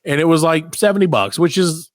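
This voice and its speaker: A man's voice: fairly high pitch, a little fast, no room sound, studio quality. A middle-aged man and father telling a comic story on a podcast, swearing freely and acting out the people in it. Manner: profane, animated anecdote-telling with quoted voices. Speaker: podcast co-host. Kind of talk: casual comedic storytelling.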